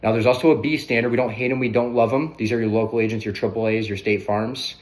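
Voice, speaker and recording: A man coaching others through a sales pitch in a brisk, conversational way, often tagging on "right?". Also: fairly even intonation. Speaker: sales trainer.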